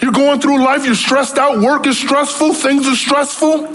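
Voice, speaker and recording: A man with a notably high voice preaches a sermon as pastor. He works through scripture with rhetorical questions and climbs in intensity as he presses his points. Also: fairly even intonation, measured pace, fairly bright tone.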